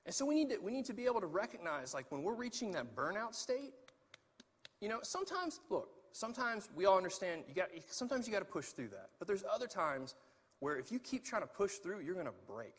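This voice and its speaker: A man's voice: sits high, big pitch swings, a little fast, slightly rough. A man preaching a sermon as pastor in a church, talking straight to the congregation with frequent asides. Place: church sanctuary. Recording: echoey hall.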